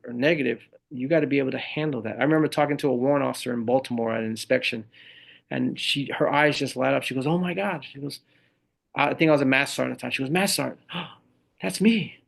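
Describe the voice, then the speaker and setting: A middle-aged man with a gravelly edge to his voice, talking as a podcast guest. He tells his stories with energy and slips into the voices of the people he quotes, keeping it casual and conversational. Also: medium pitch, fast. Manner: animated storytelling, acts out quoted people. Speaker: podcast guest, leadership speaker. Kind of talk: casual interview talk.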